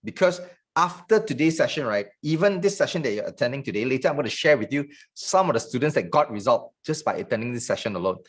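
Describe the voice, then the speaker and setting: Fast-talking sales trainer. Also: male voice, mid-range voice, lively intonation. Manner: fast, joking, salesy patter.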